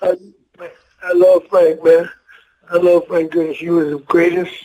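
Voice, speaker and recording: This retired wrestler is an older man with a fairly high, warm voice that stays level and moves a little slowly, captured on a low-quality recording. Chatting casually with an interviewer, he wanders through emotional stories full of swearing and does voices for the characters.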